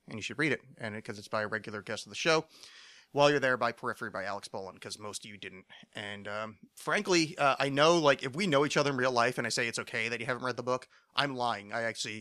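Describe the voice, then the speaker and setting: A man hosts a solo podcast from his home studio, talking fast in a mid-range voice with a sharp edge. He rambles and pokes fun at himself, full of fillers and swearing, and his throat sounds slightly phlegmy. The recording is dry.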